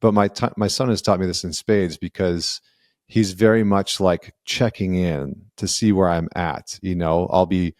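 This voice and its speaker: A man's voice: sits low, fairly even intonation, normal speed, darkish tone, no echo, clean studio sound. A man hosting a podcast interview who tells a parenting story in an earnest, chatty way. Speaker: podcast host and father. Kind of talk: casual conversational interview.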